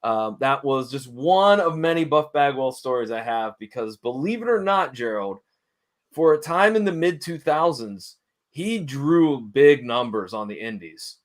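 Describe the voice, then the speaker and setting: A middle-aged man, a guest in an interview, telling a lively story in casual conversation and acting out the people he quotes. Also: mid-range voice, unhurried. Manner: animated storyteller, acts out quoted dialogue. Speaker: interview guest, wrestling manager.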